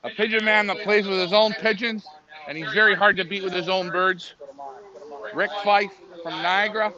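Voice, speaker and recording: A man's voice: high voice, fairly even intonation, moderate pace. A man commenting on a live stream as pigeon loft manager, talking in a folksy, rambling way with many fillers. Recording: muffled audio with crowd noise.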